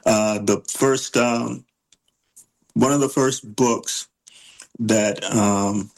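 A slow-spoken man with a gravelly, low voice, answering an interviewer about his work as an illustrator. He hesitates often and restarts his sentences, filling gaps with "uh" and "you know". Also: fairly even intonation, poor audio. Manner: halting, many fillers and restarts. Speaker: children's book illustrator.

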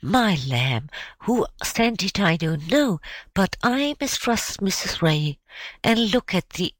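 A woman's voice: medium pitch, big pitch swings, takes it slowly, no echo. A woman reading an audiobook, voicing a poor, loving mother. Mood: fond. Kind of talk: storybook character voice.

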